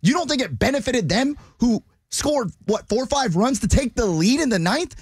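A man's voice: extremely high pitch, animated, normal speed, slightly rough, no echo, clean studio sound. Blunt, sarcastic male radio co-host. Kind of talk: sports radio commentary. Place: radio studio.

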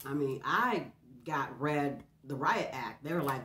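A woman's voice: extremely low pitch, animated, measured pace, a bit bright. A middle-aged woman, chatting casually while eating and humming between bites, a little stuffed up from a runny nose. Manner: chatty, confiding, talks between bites with hums. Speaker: mukbang host. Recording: roomy echo.

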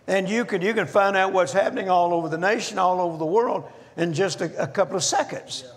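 An older man preaching a folksy, jokey sermon as guest minister in a church, slowing down to stress points. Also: high voice. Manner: folksy, jokey, slows down for emphasis. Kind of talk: humorous storytelling sermon. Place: church auditorium. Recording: reverberant church hall.

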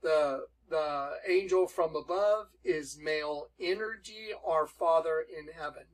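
A man teaching from the Bible in an emphatic preaching style, reading verses aloud slowly. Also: fairly high pitch, rough recording.

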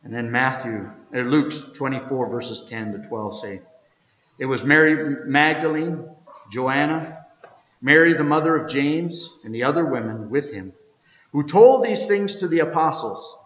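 A man preaching an Easter sermon as pastor, telling the story and reading scripture aloud, swinging from loud to hushed. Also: medium pitch, a little slow, reverberant, in a large hall, lo-fi sound. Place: church sanctuary.

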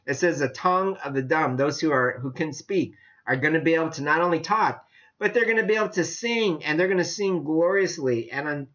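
A man preaching a casual sermon, animated and chatty, often laughing as he talks. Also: on the high side. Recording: dull lo-fi sound.

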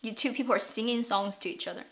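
A woman's voice: a little high, fast talker, a bit bright. A woman, chatting casually on her live stream, laughing often and repeating words as she thinks. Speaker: streamer and show host.

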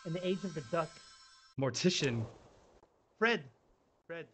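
A man's voice: a little high, animated, measured pace, a bit bright. A man with an Italian accent streaming a game, teasing other players with mock threats and frequent laughter. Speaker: gaming streamer. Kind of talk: casual gameplay banter.

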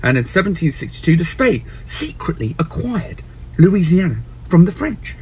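A man tells history as comedy in a lively, swooping voice with a husky edge. He swears often and slips into mock voices as he goes. The sound is dull and lo-fi, as if recorded cheaply. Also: high-pitched, normal speed. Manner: animated, swears, mocks voices of nations.

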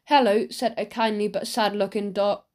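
A woman narrating a children's audiobook in a lively, expressive way. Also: mid-range voice, normal speed. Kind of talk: storybook narration.

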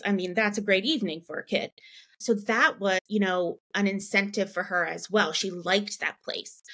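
A woman in her thirties chats easily about her experience as a parent in a podcast interview. She leans on filler words like "you know" and "right?". When she quotes other people, her voice jumps higher and gets livelier. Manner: animated, acts out quoted dialogue in a raised pitch. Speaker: guest, parent. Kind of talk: conversational interview storytelling.

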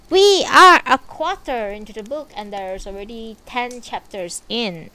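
A woman streaming a book reading, chatting in a relaxed, rambling way between chapters. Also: fairly high pitch, unhurried. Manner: relaxed, chatty and rambling, with frequent fillers and asides. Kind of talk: book reading and casual chat.

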